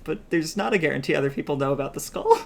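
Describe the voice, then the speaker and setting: A man's voice: a little high, lively intonation, fast talker, vocal fry, darkish tone. A man running a tabletop game as game master, chatty and rambling, laughing often.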